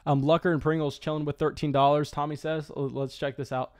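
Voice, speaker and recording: Excitable man with restarts, commentating a draft. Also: on the high side. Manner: quick, excitable, frequent stammered restarts. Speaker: fantasy football streamer.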